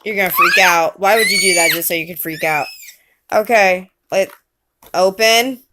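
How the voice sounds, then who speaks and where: A mother reading a picture book with her small child, coaxing and gently teasing. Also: lowish voice, moderate pace, heavy background noise.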